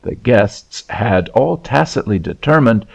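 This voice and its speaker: A man narrating a novel in a measured, expressive storytelling manner. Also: medium pitch, creaky, slightly rough. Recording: dull lo-fi recording.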